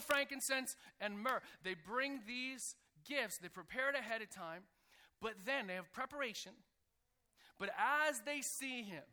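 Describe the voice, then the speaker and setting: A man preaching a sermon to a church congregation, calling out for responses and building to loud, energetic peaks. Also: high-pitched. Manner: energetic preaching that swells to near shouting. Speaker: pastor. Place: church sanctuary.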